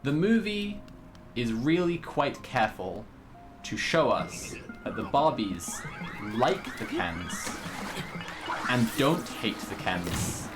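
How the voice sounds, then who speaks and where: A man co-hosting a stream, reacting to a video with sarcastic, animated commentary and casual swearing. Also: medium pitch, slow pace, music in the background.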